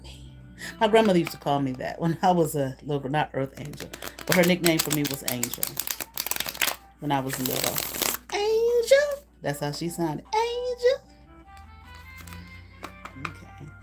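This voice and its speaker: A woman with a lowish voice runs a live card-reading stream, shuffling as she talks. She is blunt and profane, often breaking into laughter. Faint music sits behind her. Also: fairly quick, long pauses. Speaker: intuitive card reader.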